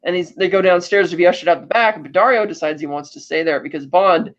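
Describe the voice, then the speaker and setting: Chatting like he's with a friend, a high-voiced man on a podcast co-hosting gig walks through a movie's plot. He slips into quick voiced asides for the characters, all captured on a slightly dull, lo-fi recording.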